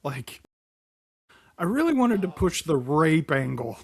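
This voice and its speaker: A man's voice: fairly high pitch, very animated, slow pace, gravelly, slightly rough, no echo. A man co-hosting a podcast, laid-back, mostly answering with short replies. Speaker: podcast co-host. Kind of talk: casual chat.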